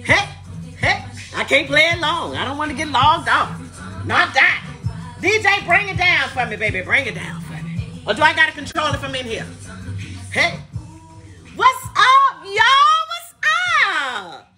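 A woman hosts a live podcast, loud and playful, saying she is tired as she greets viewers by where they are watching from. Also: high-pitched, very animated, normal speed, pauses often, faint music behind. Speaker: podcast host. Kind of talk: casual live-stream chat.

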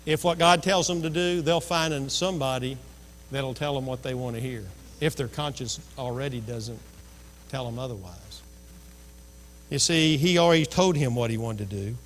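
A man's voice: mid-range voice, moderate pace. A man preaching a sermon as pastor, telling a story and acting out the voices in it. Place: church sanctuary. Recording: long reverb of a church hall.

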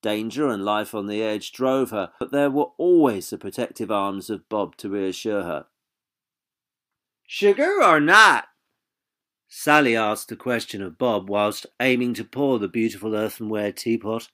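A man's voice: fairly low pitch, moderate pace, hardly any pauses. Man narrating an audiobook.

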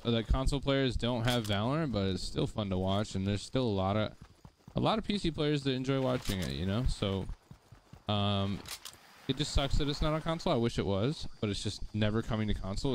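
A man's voice: medium pitch, animated, brisk, a little hiss or hum. A young man streaming a shooter game, chatting casually and joking with his viewers. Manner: laid-back, rambling, joking with chat. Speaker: gaming streamer. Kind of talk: casual live-stream chat while playing. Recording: game sounds underneath.

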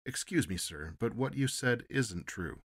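A man's voice: medium pitch, animated, measured pace, breathy edge, pitched above the performer's own voice. A man doing an eager, polite ship's steward. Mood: earnest. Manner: polite, says sir often. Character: deferential male ship's steward, eager and talkative.

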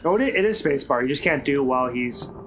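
Over game music and a noisy background, a let's play gamer gives frantic commentary full of swearing and self-mockery as he plays. The casual talk comes in an expressive, medium-pitched voice at a slightly fast pace.

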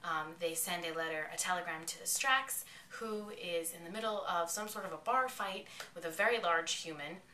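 A woman giving a chatty, excited recap of a television episode. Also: fairly low pitch, a little hiss or hum. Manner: excitable, chatty retelling with quoted lines. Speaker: vlogger reviewing an episode. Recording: echoey room, mic at a distance.

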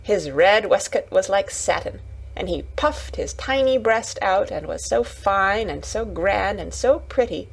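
A woman narrating a children's bedtime story in a calm, gentle reading voice. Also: medium pitch, unhurried, gravelly, husky, low-quality recording.

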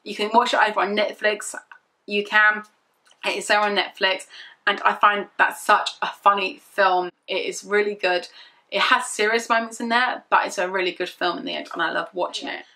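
A woman's voice: medium pitch, little pitch movement, moderate pace, sharp tone. A young woman chatting casually through a product review, rambling and repeating herself as she gushes. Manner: rambling, repetitive and gushing. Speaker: beauty vlogger.

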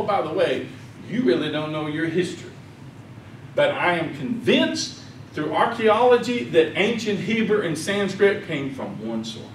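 A man gives an animated conference talk and slips into voices for the people he quotes. His voice sits high. The sound is roomy and echoey, picked up from a step back off the mic. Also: far from the mic, a little hiss or hum. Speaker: conference speaker. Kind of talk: lecture. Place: conference hall. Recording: echoey hall, speaker off mic.

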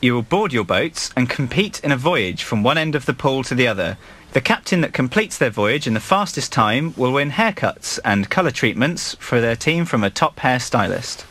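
A man's voice: medium pitch, expressive, normal speed, a bit bright, breathy edge. A man making playful, formal announcements to the people in a house.

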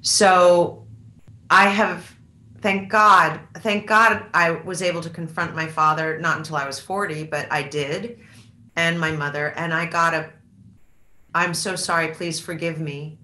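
A woman in her fifties, an author being interviewed in a candid onstage talk, reflective and halting, often restarting her sentences. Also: fairly low pitch, fairly even intonation, pushed and bright, roomy sound.

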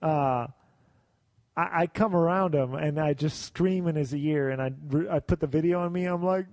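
A man hosting a podcast, telling rambling, excitable stories and swearing freely in casual chat. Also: a little high, moderate pace, no room sound. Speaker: podcast host. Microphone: video call setup.

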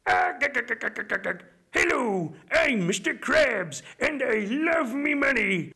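A greedy cartoon crab boss, high gravelly sputtering voice. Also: male voice, expressive, measured pace, sharp tone, heavily acted. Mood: gleeful.

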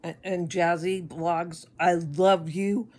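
Middle-aged woman vlogger from the United States; slow, lowish, rambling and wry with stammered restarts. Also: steady tone, darkish tone. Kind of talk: casual chat to camera.

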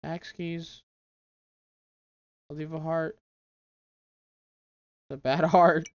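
A man's voice: fairly even intonation, takes it slowly, no room sound, lo-fi sound. Jumpy young man narrating a game. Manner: jumpy, mutters repeated phrases, swings from low murmurs to startled outbursts. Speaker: gaming YouTuber. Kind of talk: let's play commentary.

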